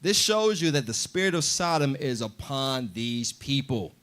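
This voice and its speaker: A man teaching a Bible class in a preaching style, lively and acting out quoted voices as he explains. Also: mid-range voice, unhurried. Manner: animated, acts out voices in quotes.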